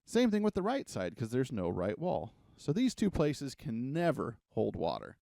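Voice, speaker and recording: A man's voice: medium pitch, huge pitch swings, moderate pace, vocal fry, mellow, no echo, studio quality. A man giving a casual, joking coding lesson at a whiteboard, rambling into self-deprecating asides and sounding a little out of breath. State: a bit out of breath. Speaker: coding tutor.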